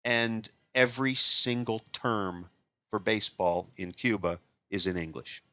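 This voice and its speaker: Man from Ohio telling a lively travel story. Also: fairly low pitch, a little slow, dry recording. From Northeast Ohio, USA. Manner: animated anecdote-teller, repeats and restarts words. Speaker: guest magician. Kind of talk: storytelling in a podcast interview.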